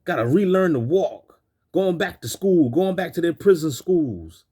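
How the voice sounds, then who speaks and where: A male video host rants over film clips in preachy street slang, repeating himself with a string of stumbling restarts. His voice is fairly high, sing-song and a little slow, with a dark, husky tone.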